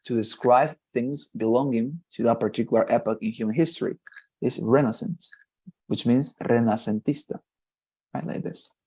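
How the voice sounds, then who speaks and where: A man's voice: mid-range voice, normal speed, dark tone, breathy edge. Man teaching English. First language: Spanish. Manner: explains step by step, often checks with "right?". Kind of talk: online class explanation.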